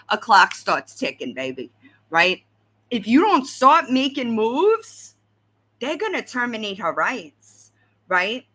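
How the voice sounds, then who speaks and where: A woman hosts a casual livestream, talking to her chat in an animated way and tossing in "right?" all the time. Her voice is bright, with a high, lively pitch that jumps around. She takes her time and lets her words stretch out. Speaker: livestream host.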